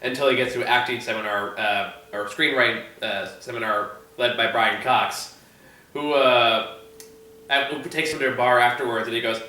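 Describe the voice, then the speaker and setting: Male movie reviewer, casual rambling storyteller, bright tone, roomy far-off mic. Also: mid-range voice, fairly even intonation, moderate pace. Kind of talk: casual chat.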